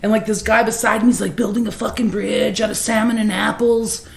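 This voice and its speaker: A woman's voice: medium pitch, steady tone, brisk, gravelly, reverberant. A woman guest on a podcast, telling stories in casual chat, swearing freely and laughing as she talks.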